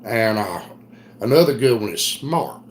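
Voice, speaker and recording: A middle-aged man with an Eastern North Carolina Southern accent, chatting casually on a livestream in a folksy, drawn-out storytelling way. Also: lowish voice, expressive, slight background noise. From Southern United States. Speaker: livestream host. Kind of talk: casual live chat reading comments.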